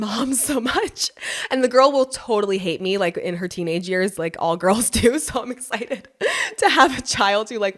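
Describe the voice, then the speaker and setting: A pregnant young woman hosting a podcast, telling a personal story in a casual, animated way, laughing often and swearing freely. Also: medium pitch. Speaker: podcast host.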